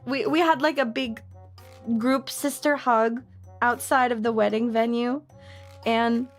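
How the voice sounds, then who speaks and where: A young woman streamer chatting casually, telling stories in an excitable, gushing way. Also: fairly high pitch, unhurried, soft background music. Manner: excitable, gushing storyteller with lots of laughter. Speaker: VTuber streamer.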